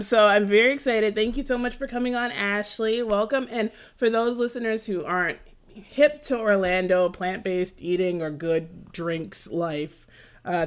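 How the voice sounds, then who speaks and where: A woman hosting a podcast at home, chatting casually in a bubbly, giggly way with lots of fillers. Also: mid-range voice. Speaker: podcast host.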